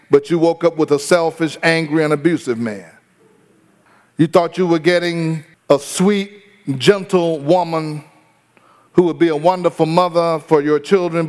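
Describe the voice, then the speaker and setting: Male pastor, storytelling sermon, slightly high voice, long hall reverb. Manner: storytelling, addresses congregation directly.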